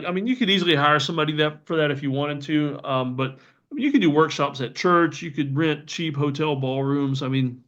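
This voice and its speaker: A man's voice: fairly high pitch, fairly bright tone. A man hosting a podcast, talking casually and enthusiastically with many fillers and restarts. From Southern United States. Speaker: podcast host. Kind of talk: casual solo podcast talk. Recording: slightly dull lo-fi audio.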